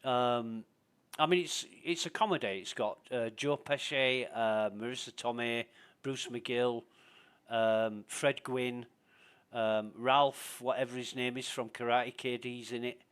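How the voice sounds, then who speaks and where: Man, mid-pitched, casual gaming streamer who rambles and swears his way through anecdotes. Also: fairly even intonation, measured pace, a bit bright, clean tone. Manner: rambling storyteller, swears freely. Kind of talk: casual voice chat while gaming.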